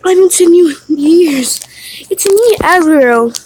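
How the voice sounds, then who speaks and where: A woman voicing a sorrowful young male goat creature who pleads in a high, strained voice. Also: lively intonation, a little slow, a little mellow, a little hiss or hum, low-quality recording. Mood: pleading.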